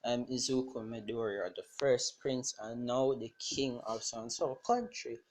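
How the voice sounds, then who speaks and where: A man's voice: medium pitch, unhurried, natural voice. A man voicing a haughty young male king who speaks in cold, formal declarations.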